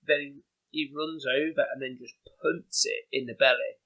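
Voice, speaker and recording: A man with a Liverpool Scouse accent, a podcast guest telling animated, chatty stories with lots of "you know" and "like". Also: medium pitch, moderate pace, muffled recording. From England. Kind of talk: casual anecdotal storytelling.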